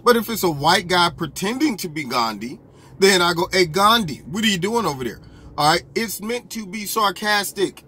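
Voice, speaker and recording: A man giving opinionated political commentary in an animated, argumentative way, full of rhetorical questions. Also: high voice, slight background noise.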